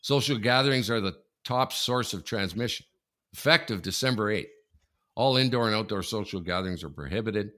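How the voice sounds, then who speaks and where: This podcast co-host, a man from Canada, speaks briskly in a lowish voice. On the relaxed chat show he spins lively anecdotes, laughing all the way through them.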